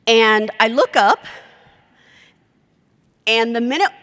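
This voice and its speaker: A woman giving a conference talk, a lively storyteller who acts out the dialogue. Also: fairly high pitch, slow. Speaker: conference speaker. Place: conference session hall. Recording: echoey conference hall.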